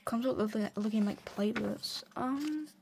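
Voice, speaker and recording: Tired, giggly young woman with a high voice touring her sketchbook on camera. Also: normal speed, creaky, very noisy. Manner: excitable, giggly, gushing. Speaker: art student showing a sketchbook. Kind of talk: casual sketchbook tour chat.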